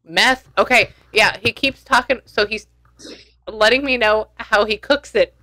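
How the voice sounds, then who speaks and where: A woman working as a spiritual medium in a reading session, lively and often stopping to listen before she retells what she hears. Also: a little high, a little slow.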